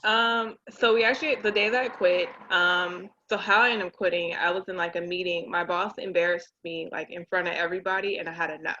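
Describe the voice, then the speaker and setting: Woman guest, 30s, animated storyteller; bright tone, slightly muffled recording. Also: on the low side, fairly quick, few pauses. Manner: animated storyteller acting out quotes. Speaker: guest, realtor and business owner. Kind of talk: casual conversation.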